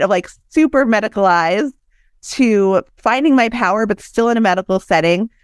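A woman in her thirties, a doula and founder, telling her own birth story as a podcast guest in an animated, candid way and acting out what people said. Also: a little high, no echo, clean studio sound. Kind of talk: personal storytelling in conversation.

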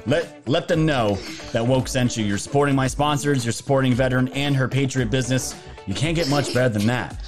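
A man's voice: mid-range voice, fairly quick. Male streamer host, loose rambling delivery, casual chat over background music. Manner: rambling, jokey, loose with filler words. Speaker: livestream host. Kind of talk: casual political livestream talk. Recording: music playing underneath.

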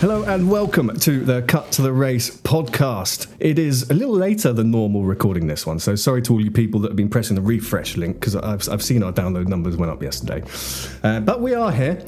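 A man's voice: medium pitch, very animated, fairly quick, a little mellow, slight background noise. A man hosting a casual podcast chat, self-deprecating and a bit rambling. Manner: chatty and self-deprecating, with frequent restarts. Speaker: podcast host.

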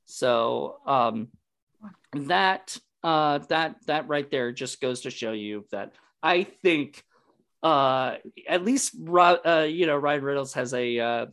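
A man's voice: mid-range voice, slow, fairly bright tone. A man hosting a casual movie discussion, rambling with many fillers and restarts. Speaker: podcast host.

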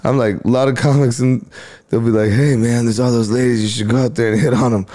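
A man's voice: medium pitch, quick pace. A man, a stand-up comedian, chatting casually on a podcast and animatedly acting out his exchanges with crowds. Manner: animated storytelling, acts out crowd exchanges, laughs often.

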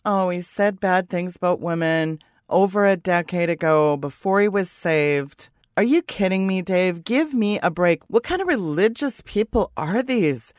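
A woman's voice: lowish voice, measured pace, few pauses, dry recording. A woman co-hosting a Christian radio talk show, indignant and blunt, in a dry studio. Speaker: radio co-host.

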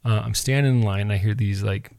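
A man in his thirties co-hosting a casual podcast, telling an animated, rambling story with lots of restarts. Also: lowish voice, quick pace, creaky, dry recording, clean studio sound. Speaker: podcast co-host.

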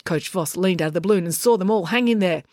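Expressive woman narrating a children's story. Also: fairly low pitch, fast, dry recording, studio quality. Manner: lively, expressive reading. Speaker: audiobook reader.

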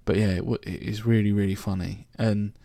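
London bloke for a solo podcast: gravelly, low-ish voice, dry close sound, rambling and jokey. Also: male voice, fairly even intonation, fairly quick, warm tone, no room sound. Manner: chatty, joking, rambling. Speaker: podcast host. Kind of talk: casual solo podcast monologue.

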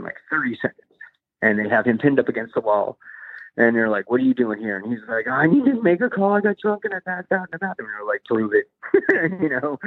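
A man's voice: mid-range voice, dry recording. A man casually telling a long, rambling anecdote, laughing often and acting out the voices of other people. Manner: animated, laughs often, acts out quoted voices. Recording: tinny phone-like sound.

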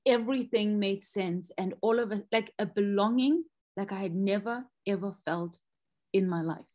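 A woman in her thirties, a podcast guest telling a personal story with lively re-enacted moments. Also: medium pitch, normal speed. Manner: expressive, acts out quoted panic loudly.

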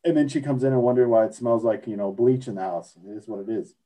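Mellow-voiced man crudely joking. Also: medium pitch, fast, low-quality recording. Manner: crude, joking, reads slang definitions aloud. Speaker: podcast co-host. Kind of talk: casual chat.

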